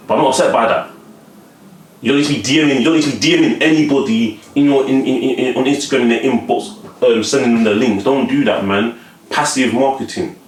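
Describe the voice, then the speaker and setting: A man talks straight to the camera in a loose, conversational flow, circling back over his words and checking that you're with him. His voice has a middle pitch for a man. The room around him is echoey. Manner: conversational, often asks the listener whether they follow; repeats and restarts words while talking. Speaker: vlogger giving life advice. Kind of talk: casual motivational monologue to camera.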